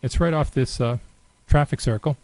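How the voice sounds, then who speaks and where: A man giving a relaxed, unscripted screen-recorded software tutorial, thinking aloud with many fillers. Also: mid-range voice, moderate pace, no echo, poor audio. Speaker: software demonstrator.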